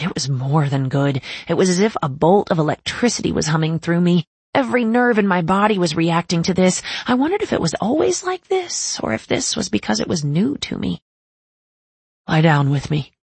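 A woman narrating a first-person romance story in a soft, intimate reading voice. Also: fairly low pitch, creaky, breathy edge, dry recording. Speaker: audiobook narrator.

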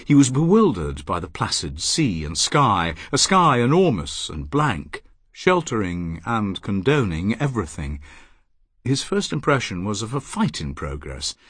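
A man narrating an audiobook in an expressive, dramatic way, on a close studio mic. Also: medium pitch, breathy edge, dry recording.

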